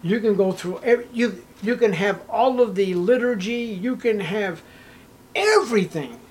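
A male pastor preaching a sermon, emphatic, swinging between hushed lines and raised, punchy ones. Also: high-pitched, animated, a little slow, slight background noise, rough recording.

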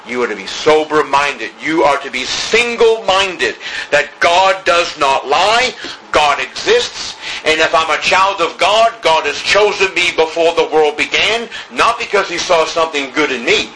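Male preacher, bright forceful tone, emphatic repetitions, church sermon delivery. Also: medium pitch, slight background noise, poor audio. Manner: emphatic preaching with repeated phrases and drawn-out words. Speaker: pastor. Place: church during a service.

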